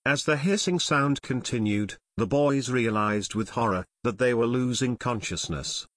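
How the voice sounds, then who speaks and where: A man's voice: mid-range voice, a little slow, a bit bright, dry recording. A man narrating an audiobook expressively, voicing every character.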